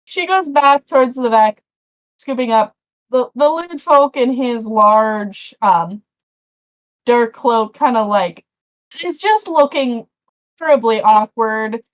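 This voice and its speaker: A woman's voice: on the high side, takes it slowly. Chatty woman game master. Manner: chatty, rambling descriptions with restarts. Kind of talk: narrating a tabletop game.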